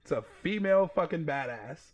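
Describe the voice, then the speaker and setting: A man in his thirties hosting a podcast, casual and profane, excitable and quick to laugh. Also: fairly high pitch, husky, lo-fi sound. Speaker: podcast host.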